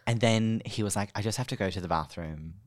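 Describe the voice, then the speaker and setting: An Australian woman, a podcast guest, telling an animated story in casual chat and laughing often. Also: very deep voice, a little fast.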